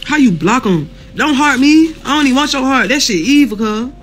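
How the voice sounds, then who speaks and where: A woman's voice: sits high, expressive, a little fast, faint music behind. A woman in pain, streaming live from a hospital room, who talks bluntly with lots of cursing and laughs through her pain while reading viewer comments. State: in pain, near tears. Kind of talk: casual live chat with viewers.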